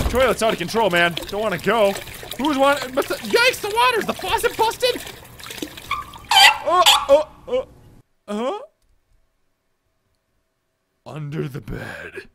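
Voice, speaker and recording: Excitable young man doing horror let's play. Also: sits high. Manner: jumpy, excitable, yelps at scares. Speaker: gameplay commentator. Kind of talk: let's play commentary, reading game dialogue aloud.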